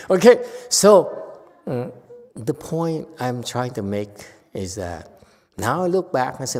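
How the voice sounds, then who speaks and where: A man teaching Buddhism in a relaxed, conversational way, his voice sitting at an ordinary middle pitch. He breaks into animated bursts and often restarts his sentences. A long reverb from the temple hall trails each phrase. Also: slow. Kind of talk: informal dharma lecture.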